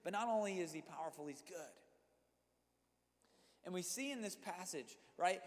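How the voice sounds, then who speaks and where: A man with a high, bright voice preaches to young people in a sermon, driving his points home by repeating them and addressing his listeners directly. His words ring out with a long hall reverb. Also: animated, moderate pace. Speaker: youth pastor.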